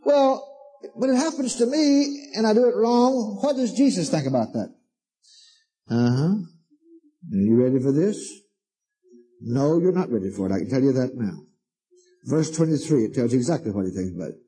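A man's voice: a little high, animated, normal speed, long pauses, mellow, husky. A man preaching a sermon, reading scripture aloud and repeating his points emphatically with sudden asides.

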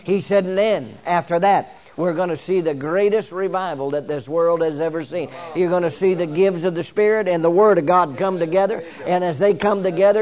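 An older man preaching a sermon live in a church, repeating and restarting phrases as he builds to fervent near-shouting. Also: sits high, normal speed, few pauses, a faint crowd.

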